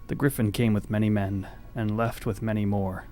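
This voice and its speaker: A man voicing a weary, bitter old male village elder who speaks gravely in old-fashioned phrases. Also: lowish voice, flat delivery, moderate pace, dark tone, natural voice.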